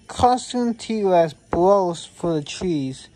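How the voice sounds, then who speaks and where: A woman reading a children's picture book aloud, in a slow, halting way with small stumbles. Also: lowish voice, lively intonation, warm tone. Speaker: reader.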